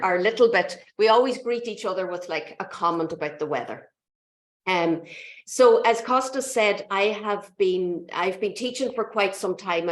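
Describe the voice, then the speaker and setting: A woman in her fifties with an Irish accent, a maths lecturer giving a chatty online talk over a video call, with frequent restarts. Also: lowish voice. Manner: chatty, self-correcting, frequent restarts and ums. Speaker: mathematics lecturer. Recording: echoey room.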